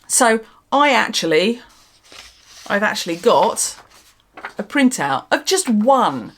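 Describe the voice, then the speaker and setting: A woman hosting her own vlog, ranting in a sarcastic, exasperated way and swearing for emphasis. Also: mid-range voice. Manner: animated, emphatic delivery. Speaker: channel host.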